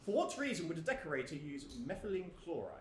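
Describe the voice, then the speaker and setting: A man acting as a deadpan quizmaster in a stage comedy sketch. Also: on the high side, fast, slight background noise. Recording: roomy theatre with audience.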